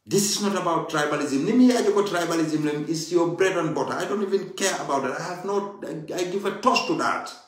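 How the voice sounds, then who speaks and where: A man speaks in a somewhat high voice, delivering an impassioned political monologue. He is emphatic and pleading and hammers his points through repetition. The recording sounds strongly echoey, as if made in a bare room that rings. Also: lively intonation, a little fast, few pauses. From Gambia. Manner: emphatic, pleading, repeats key phrases. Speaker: party supporter giving political commentary.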